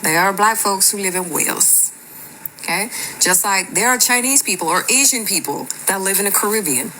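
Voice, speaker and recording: A woman's voice: mid-range voice, lively intonation, moderate pace, bright, forceful tone, slight background noise, rough recording. A woman hosting a reaction video, commenting in an exasperated, emphatic way and repeating her points for stress.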